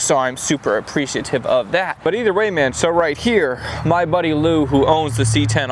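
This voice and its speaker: A young man casually vlogging about a truck build, relaxed and peppered with "dude". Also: medium pitch. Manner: laid-back, says "dude" a lot. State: out of breath. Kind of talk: casual shop vlog talk. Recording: noisy outdoor camera audio.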